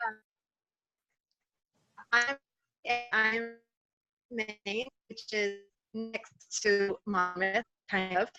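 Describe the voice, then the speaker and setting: A woman introduces herself haltingly on a video call, speaking very slowly. Her voice is bright and smooth. Faint music plays behind her. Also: mid-range voice, steady tone, dry recording, low-quality recording. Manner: hesitant, halting.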